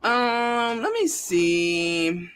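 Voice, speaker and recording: A woman's voice: on the high side, drawn-out words, smooth. A woman hosting a casual livestream who reads viewer comments aloud and talks in a blunt, profane, rambling way. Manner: animated and lively. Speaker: livestream show host.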